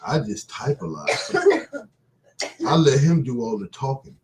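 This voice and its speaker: A man's voice: medium pitch, expressive, measured pace, darkish tone, low-quality recording. A man hosting a casual live stream. He chats loosely with his viewers, laughs often and reads Bible passages aloud. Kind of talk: casual chat and Bible reading.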